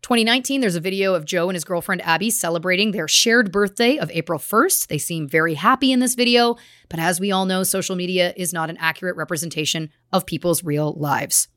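A woman's voice: fairly low pitch, a little fast, fairly bright tone, no room sound, clean studio sound. A woman co-hosting a true crime podcast, reading case details with earnest, grave emphasis. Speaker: podcast co-host.

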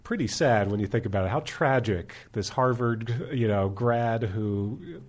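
A man's voice: medium pitch, expressive, a little slow, darkish tone. A man in casual podcast chat, easygoing, often chiming in with agreement. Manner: easygoing, frequent backchannel agreement.

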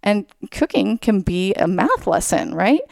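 A woman being interviewed as a school psychologist, talking casually and brightly, explaining ideas through everyday examples, with many "like"s and "you know"s. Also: medium pitch, sing-song, a little slow, creaky, no echo, studio quality.

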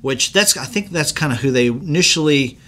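Bright-voiced man telling movie stories. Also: fairly high pitch, expressive. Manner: storytelling, acts out quotes in quick asides. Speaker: podcast co-host. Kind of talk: casual chat about film history.

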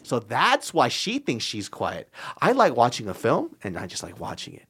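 A man guest on a comedy podcast, telling animated stories with bursts of laughter and casual swearing. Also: medium pitch, moderate pace, slightly rough. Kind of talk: casual chat.

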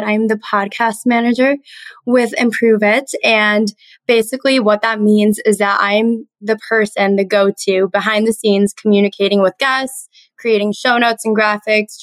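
A woman in her twenties with a raspy voice, explaining her job as a podcast guest. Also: mid-range voice, no room sound. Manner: friendly, explanatory. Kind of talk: casual interview answers.

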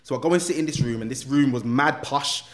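Guy telling his story, slangy and lively, swings up and down, middle voice. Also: mid-range voice, fast. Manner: animated, slangy, acts out voices. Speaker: guest. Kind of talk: emotional personal storytelling.

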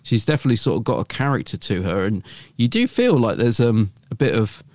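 A man with a fairly low voice talks casually as a podcast co-host. He rambles with plenty of "you know" and restarts, recorded close and dry with no room sound. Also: animated, brisk, darkish tone, dry recording. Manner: rambling, enthusiastic, many fillers and restarts.

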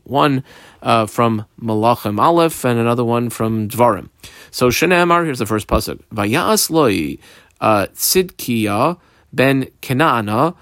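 A man's voice: mid-range voice, a bit bright, no echo, studio quality. A man teaching a Talmud page step by step, reading Hebrew and Aramaic phrases aloud in Ashkenazi pronunciation and translating each as he goes. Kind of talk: daf yomi Talmud lesson.

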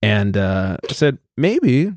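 Brief: male podcast host, lively pitch, mid-range voice, dry close-miked studio sound, swears as he tells stories. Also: takes it slowly, no room sound. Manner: animated storyteller, swears freely, acts out quotes. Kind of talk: casual chat.

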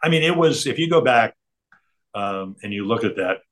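An older man, a guest in an interview, speaks at a medium pitch and moderate pace, animated and a bit bright. His rambling, anecdotal stories are chatty and digressive, with chuckles in between.

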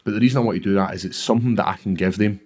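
Deep-voiced blunt Scottish man. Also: rapid-fire, a little mellow, breathy edge. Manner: blunt and plain-spoken, swears freely. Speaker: professional fighter, guest. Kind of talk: candid storytelling in conversation.

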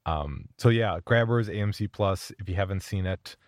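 A man's voice: low voice, normal speed, dry recording, clean studio sound. A young man from Minnesota with a Minnesotan accent, co-hosting a podcast in casual, rambling chat and laughing often. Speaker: podcast co-host.

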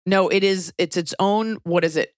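A woman hosting a podcast, bantering quickly and teasing her guest in casual chat. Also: lowish voice, dry recording, clean studio sound. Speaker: podcast host.

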